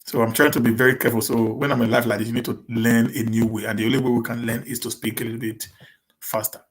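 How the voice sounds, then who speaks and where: A Nigerian-accented man hosts a casual live chat, fielding viewer questions. He talks fast and stumbles into repeated words and restarts, slipping pidgin phrases in among his English. His voice sits at an ordinary middle pitch for a man. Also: level tone. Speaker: live-stream host answering viewer questions.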